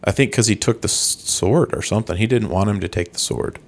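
A man's voice: on the low side, brisk. A man co-hosting a podcast, chatting casually and matter-of-factly about movies. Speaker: podcast co-host. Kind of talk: casual chat.

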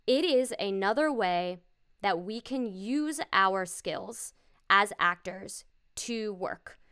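Female voiceover pro in her forties, smooth resonant tone, emphatic and lively advice. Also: mid-range voice, slow. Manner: emphatic, animated. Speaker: voiceover actor guest. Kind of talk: casual interview advice.

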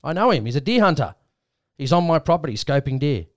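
A man's voice: on the high side, quick pace, dry recording, studio quality. An Australian man hosting a podcast, telling a rambling story in casual chat and acting out what others said. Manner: rambling, animated retelling with quoted voices. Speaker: podcast host.

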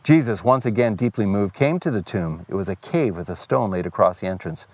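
A middle-aged pastor delivers a conversational sermon, reading scripture aloud before turning to address his congregation personally. His low voice is expressive and a little mellow, at a normal speed, in a dry recording.

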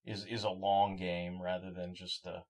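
Low-voiced man rambling on a podcast. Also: level tone, a little mellow. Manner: halting, many restarts and fillers. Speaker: podcast co-host. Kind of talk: casual chat.

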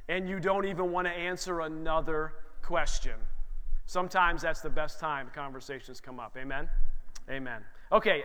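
Pastor, 30s, higher voice, lively storytelling sermon, echoing sanctuary. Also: male voice. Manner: animated storytelling, asks the room for amens. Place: church sanctuary. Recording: long hall reverb.

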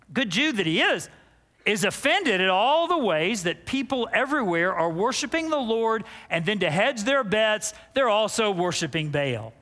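Male pastor, sermon, bright and lively delivery, acts out the story, long hall reverb. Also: high-pitched. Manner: animated storytelling, acts out quotes, quick restarts.

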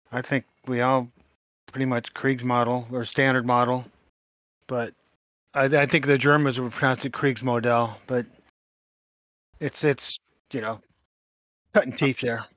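Hesitant, mid-pitched male guest. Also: steady tone, fairly bright tone, dry recording. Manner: hesitant, halting with many restarts. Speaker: guest author and collector. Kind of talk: casual interview chat.

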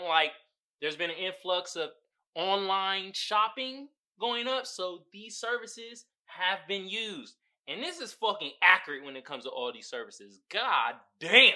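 Guy hosting a podcast, super lively bouncy voice, cussing and laughing while he riffs on memes. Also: sits high. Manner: animated, laughs often, profane slang. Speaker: podcast host. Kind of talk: casual comedic commentary on memes.

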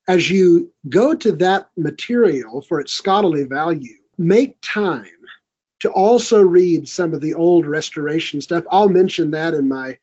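A man's voice: a little high, a little mellow, husky, dull audio. A man speaking as a guest in a studio conversation, earnest and encouraging. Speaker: podcast guest. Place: recording studio.

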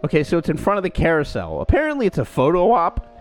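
A man telling a story in casual chat on a podcast, acting out quotes in a higher voice. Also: fast, faint music behind. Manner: animated, acts out quotes in a higher voice. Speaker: podcast co-host.

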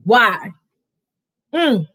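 Church responder, lively swooping voice, slow drawn-out affirmations, dry close sound. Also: mid-range voice, crowd noise. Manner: frequent loud affirmations and laughs, drawn-out exclaims. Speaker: responding congregant or co-host.

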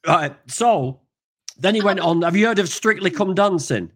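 A man's voice: high-pitched, lively intonation, a little slow. An older man hosting a podcast over a video call, chatting casually, rambling and joking with lots of ums. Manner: rambling, joking, self-deprecating, with many fillers. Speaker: podcast host, truck driver.

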